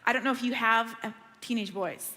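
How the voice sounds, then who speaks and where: High-voiced woman preaching in an echoing hall. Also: fairly quick. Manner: animated, conversational storytelling. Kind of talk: sermon.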